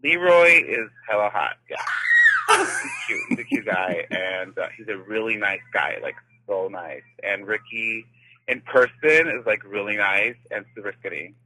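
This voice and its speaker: A man's voice: on the low side, lively intonation, measured pace, pushed and bright, shouting, poor audio. A man calling in to a podcast, gushing and rambling with lots of fillers. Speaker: caller. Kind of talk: excited phoned-in message.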